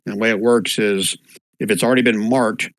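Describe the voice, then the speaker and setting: A man narrates an online tabletop session as game master, his voice sitting low. He talks in an easygoing way, full of fillers, and stops to spell out names. The voice-chat mic sounds close and dry. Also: fairly even intonation, fairly quick, dry recording, poor audio. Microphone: voice chat microphone.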